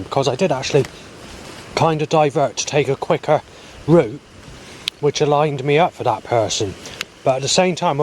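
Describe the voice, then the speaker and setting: A man's voice: a little high, a little hiss or hum. Rambling man recording a street video diary. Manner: hesitant, restarts and repeats himself. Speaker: vlogger.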